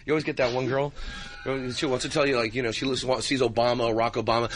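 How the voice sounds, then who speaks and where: A male comedian guest on a radio show, riffing fast and laughing, jumping in and out of impressions. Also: mid-range voice, flat delivery. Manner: rapid impressions, laughing, restless. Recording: radio broadcast.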